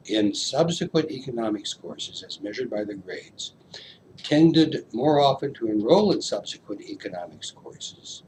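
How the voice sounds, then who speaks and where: Man, very slow deliberate pace, researcher interview, careful with restarts, faint room noise. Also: medium pitch, a little mellow, rough recording. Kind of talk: interview explanation.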